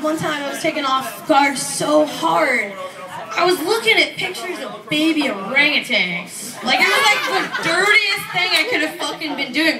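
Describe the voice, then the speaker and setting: A woman's voice: high-pitched, recorded from a distance. A woman doing a stand-up comedy set, rambling and profane, laughing often as she talks. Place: small comedy club stage. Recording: echoey club, mic heard from afar, loud crowd.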